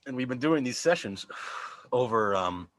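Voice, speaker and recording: A man's voice: medium pitch, expressive, moderate pace, no room sound. A man hosting a casual livestream chat, joking, laughing often and rambling with fillers over a video call. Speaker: host.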